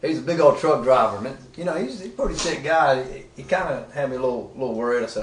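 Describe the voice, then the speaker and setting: A man who once worked as a bouncer talks fast through his story, quoting everyone involved. He sounds set back from the mic in an echoey room with faint noise behind. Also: mid-range voice, expressive, distant mic. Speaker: former bouncer. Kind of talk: casual storytelling.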